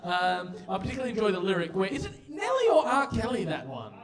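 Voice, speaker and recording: High-pitched excitable comedian. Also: male voice, fast talker, crowd noise. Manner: loud, excitable, theatrical outbursts. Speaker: stand-up comedian and compere. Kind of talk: stand-up comedy.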